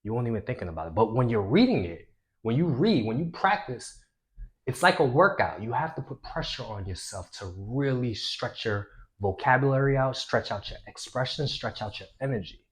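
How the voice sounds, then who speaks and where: A man coaching viewers on social confidence, talking with energy and swinging between a loud voice and a hushed one. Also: medium pitch, sing-song, moderate pace. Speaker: self-improvement coach. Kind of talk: instructional talk to camera.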